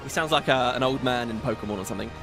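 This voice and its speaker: A man's voice: medium pitch, very fast, vocal fry. A man hosting a casual gaming video, chatting and rambling as he plays and sometimes laughs. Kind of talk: casual let's-play commentary. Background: game music.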